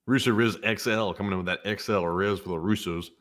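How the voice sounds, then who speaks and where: A man's voice: on the low side, fairly even intonation, fairly quick, fairly bright tone. A man co-hosting a news show, trading playful wisecracks in casual banter. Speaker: co-host.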